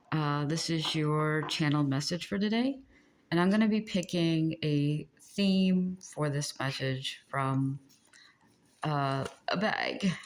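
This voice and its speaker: A woman giving a casual tarot reading, chatty and gentle, often breaking into giggles. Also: low-pitched. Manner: gentle and encouraging. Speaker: tarot reader.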